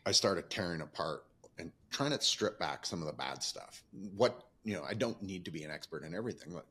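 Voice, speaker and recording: With a low, breathy-edged voice, a sharp tone, and lively intonation, this fifty-something podcast host talks fairly quickly. He opens up candidly and at length about his life in a reflective, meandering, casual conversation.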